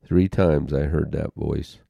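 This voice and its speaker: An older man with a very deep, gravelly voice tells a personal story at an unhurried pace. He speaks haltingly and from the heart, pausing and restarting. The recording is close and dry. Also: fairly even intonation, dark tone, dry recording. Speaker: interview guest.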